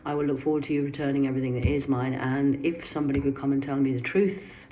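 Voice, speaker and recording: An older woman delivering a rambling personal monologue in her garden, agitated, swearing and swinging between low muttering and sharp outbursts. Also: fairly even intonation, quick pace, a little hiss or hum, rough recording. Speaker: vlogger. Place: sitting in her garden outdoors.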